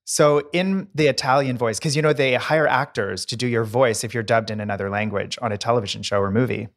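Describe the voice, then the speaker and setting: A man's voice: mid-range voice, fairly quick. A man co-hosting a podcast, chatting casually, telling anecdotes and playfully mimicking voices. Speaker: podcast co-host, decorator. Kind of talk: casual chat, storytelling.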